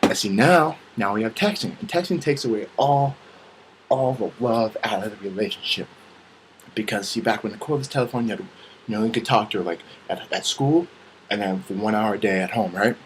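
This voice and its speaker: A man's voice: on the low side, brisk, a little hiss or hum, poor audio. A young man ranting casually and comically, with lots of swearing, acting out bits of dialogue as he goes. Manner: profane, animated, acts out quoted dialogue. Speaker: vlogger. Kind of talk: casual comedic rant.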